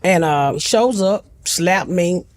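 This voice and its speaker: A woman's voice: lowish voice, animated, slow, darkish tone. A middle-aged woman, a talk-show guest telling a family story bluntly and animatedly, with comic asides.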